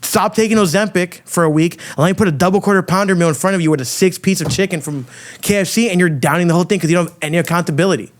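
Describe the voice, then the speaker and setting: A man hosting a podcast, delivering a loud, crude, provocative rant full of swearing. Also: high-pitched, very fast, slight background noise. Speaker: podcast host. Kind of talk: ranting monologue.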